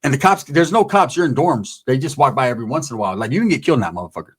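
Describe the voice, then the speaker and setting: A man's voice: mid-range voice, lively intonation, rapid-fire, slightly rough. A man telling a prison story in a casual, streetwise, profane way, often slipping into the voices of the people in it.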